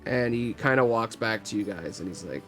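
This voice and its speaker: A man narrating as game master in a casual, relaxed way. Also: lowish voice, normal speed, soft background music.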